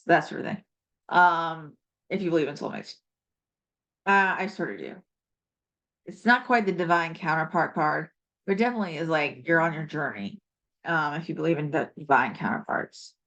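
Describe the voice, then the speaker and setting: Low-voiced woman giving a rambling tarot reading. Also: expressive, normal speed, fairly bright tone. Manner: rambling, reflective, with many fillers and asides. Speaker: tarot reader. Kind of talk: casual spoken tarot reading. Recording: dull lo-fi recording.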